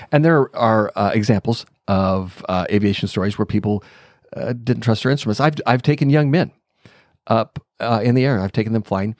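A middle-aged man with a somewhat low voice hosts his podcast, telling a personal story as he thinks aloud. He pauses on fillers and lets out small chuckles along the way. The sound is dry and close, with no room around it. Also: a little mellow, no room sound. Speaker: podcast host. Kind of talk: reflective storytelling monologue.

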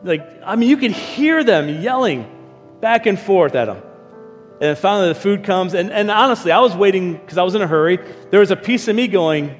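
Male pastor, middle-aged, slightly high voice, sermon, storytelling, long church-hall reverb. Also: moderate pace. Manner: storytelling, acting out his own lines in lively asides. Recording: reverberant hall with faint music.

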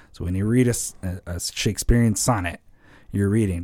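A man talking casually on a church podcast, explaining how songs are written, lively and full of examples. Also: sits low, brisk, slightly rough, no room sound. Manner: animated, explains with examples and rhythms. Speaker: church songwriting guest.

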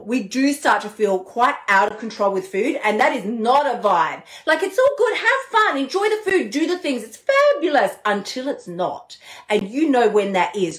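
A woman hosting a live motivational talk as a diet coach, animated and playful, swearing casually. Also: a little high, reverberant. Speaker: podcast host and diet coach.

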